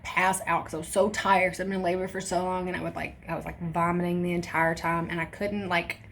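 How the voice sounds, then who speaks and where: A woman's voice: lowish voice, vocal fry, a little hiss or hum. A young woman vlogger telling a personal story in casual chat, candid and swearing often. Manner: candid, swears a lot, acts out quoted voices.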